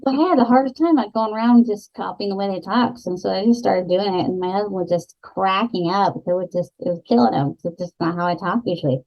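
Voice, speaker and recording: A woman co-hosting a podcast, chatting in a relaxed, talkative way with some fillers. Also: mid-range voice, brisk, vocal fry, hardly any pauses. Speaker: podcast co-host. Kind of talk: casual book chat. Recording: slightly dull lo-fi podcast audio.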